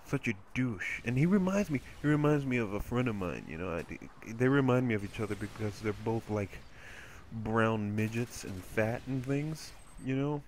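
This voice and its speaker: A man's voice: medium pitch, expressive, normal speed, slight background noise. A man commentating over gameplay, telling a rambling, crude story in a casual way.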